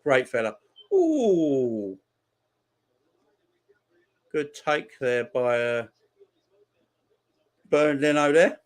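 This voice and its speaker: A man hosting a live football watchalong, chatting casually, reading out viewer messages and repeating his shout-outs. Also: mid-range voice, steady tone, slow, pauses often, clear, resonant tone. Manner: rambling, repeats phrases. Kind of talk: casual live-stream chat.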